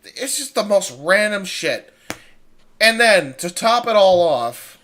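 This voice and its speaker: A man guesting on a casual streamed chat, telling rambling, animated stories. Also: sits high, takes it slowly. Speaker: podcast guest.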